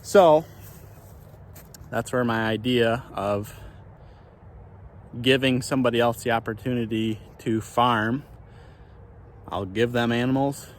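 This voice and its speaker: Out walking across his pasture, a small farmer with his own channel speaks casually, thinking aloud through many restarts. His voice is medium-pitched with fairly even intonation, and he goes slowly, pausing often, over slight background noise.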